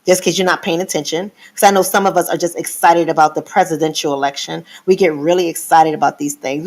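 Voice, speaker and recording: A woman's voice: fairly low pitch, steady tone, quick pace, hardly any pauses, a little mellow. A middle-aged woman hosting a live stream, who lectures her viewers in a teacherly way and repeats her points. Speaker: host.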